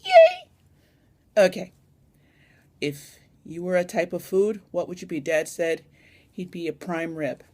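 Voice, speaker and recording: A woman's voice: on the low side, fairly even intonation, moderate pace, darkish tone. A young woman chatting casually in a vlog tag, rambling and adding little asides, recorded on a phone camera. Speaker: vlogger.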